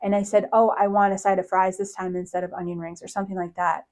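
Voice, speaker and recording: A woman's voice: mid-range voice, level tone, fast talker, darkish tone. A middle-aged woman hosting a podcast, telling a personal story in a casual, chatty way, laughing often and acting out quoted lines. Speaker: podcast host, psychic medium.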